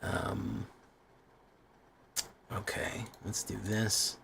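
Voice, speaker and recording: Low-voiced man chatting on a stream. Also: fairly even intonation, drawn-out words, gravelly, fairly bright tone, husky. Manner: rambling, self-deprecating, swears often. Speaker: streamer playing a card game. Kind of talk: casual live-stream chat.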